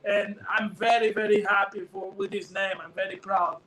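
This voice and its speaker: A man's voice: high-pitched, level tone, moderate pace, crowd noise, rough recording. A man speaking earnestly in broken English as a guest in a casual interview, talking into his phone. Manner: non-native English, earnest and emphatic. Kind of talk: casual interview over a call.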